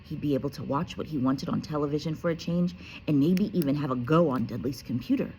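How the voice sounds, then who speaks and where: A woman teacher reading a children's book aloud with lively expression and casual, chatty asides. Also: low voice, quick pace, slight background noise. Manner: animated, casual, self-correcting.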